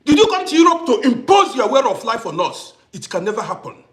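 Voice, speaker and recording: Male livestream host, middle-aged, high-pitched and expressive, hammering points home through repetition. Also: brisk. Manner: emphatic, repeats phrases for effect. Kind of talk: impassioned livestream monologue.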